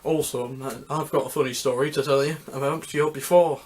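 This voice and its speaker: A man's voice: fairly high pitch, fairly even intonation, darkish tone, slight background noise. Rambling man talking music history. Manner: rambling, halting, with many restarts. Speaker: music history video host. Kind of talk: casual unscripted talk.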